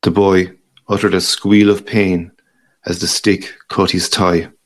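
A man reads a short story aloud with a deep, low voice. His delivery is slow, measured and unhurried. Each line comes out in a deliberate way. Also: level tone. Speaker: reader.

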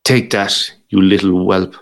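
A man's voice: deep voice, steady tone, measured pace, vocal fry. A man doing a bullying, bad-tempered father. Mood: vicious. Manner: harsh, shouting, bullying.

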